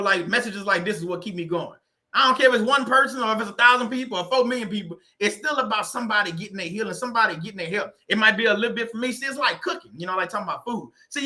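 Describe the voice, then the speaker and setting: A man's voice: sits high, bright, forceful tone. A man hosting a casual livestream, laughing often and reading viewers' comments aloud. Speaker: livestream host.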